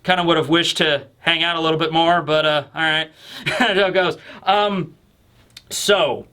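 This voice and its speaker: A man with a high, bright voice chatting through a manga chapter review. He rambles with lots of fillers and bursts of animation. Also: steady tone, a little slow, clear, resonant tone. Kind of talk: casual commentary.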